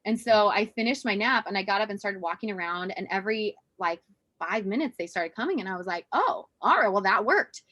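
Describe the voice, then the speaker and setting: A woman in her thirties, guesting on a podcast, tells a long story in casual conversation, animatedly acting out the voices of the people she quotes. Her voice is mid-range and fast, and the recording is dry.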